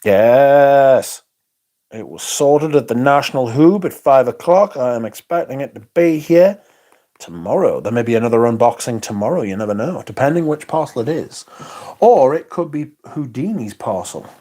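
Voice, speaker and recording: A man's voice: mid-range voice, lively intonation, moderate pace, mellow. A man hosting a livestream, chatting casually, reading out comments and swearing in exasperated asides. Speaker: livestream host.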